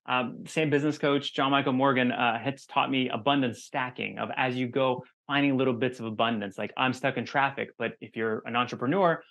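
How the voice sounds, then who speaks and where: Halting, eager man hosting an interview. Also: mid-range voice. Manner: halting, repeats words, grows excited. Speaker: host. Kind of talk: interview conversation.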